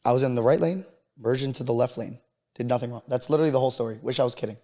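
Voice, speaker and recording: A man's voice: medium pitch, rapid-fire, mellow, in a large hall. A man co-hosting a podcast in casual chat. He is laid-back, swears freely and repeats words for emphasis. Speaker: podcast co-host.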